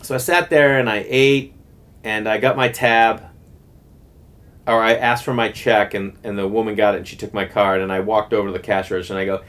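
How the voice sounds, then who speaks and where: A man in his thirties hosting a podcast, telling a long casual story, rambling and animated with lots of fillers and restarts. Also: on the low side, normal speed. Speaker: podcast host.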